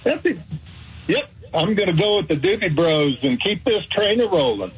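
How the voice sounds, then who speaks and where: A man's voice: high-pitched, big pitch swings, moderate pace, breathy edge, poor audio. A man from Oregon calling in to a radio show, chatting in a friendly, easygoing way. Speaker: caller. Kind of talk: casual phone call.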